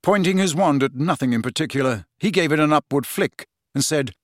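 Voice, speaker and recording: A man narrating a fantasy novel as an audiobook, with expressive storytelling. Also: fairly high pitch, fairly quick, dry recording, studio quality. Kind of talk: scripted narration.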